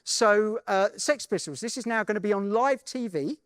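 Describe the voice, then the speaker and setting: A man's voice: high voice, moderate pace, fairly bright tone, dry recording, clean studio sound. A man giving a conference keynote, telling a story in a conversational way and often checking in with the audience. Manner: conversational, keeps checking in with "right?". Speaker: keynote speaker. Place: conference main stage.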